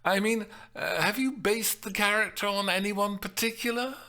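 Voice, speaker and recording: A man's voice: high-pitched, moderate pace, pushed and bright, voice pushed up. A man reading a storybook voicing a prim, well-bred young woman who recites in an affected sing-song. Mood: tentative.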